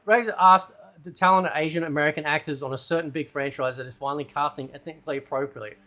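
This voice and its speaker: A man's voice: fairly high pitch, fast, hardly any pauses, bright, forceful tone. A man hosting a ranting commentary video, loose and combative, who keeps asking "right?". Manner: loose, rambling delivery with fillers and swearing. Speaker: commentary channel host.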